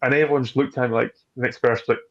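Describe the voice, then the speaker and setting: A man chatting casually as a distillery guest, telling rambling, animated stories and acting out what others said. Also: mid-range voice, racing, muffled recording. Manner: rambling, animated storytelling with acted-out quotes. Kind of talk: casual chat.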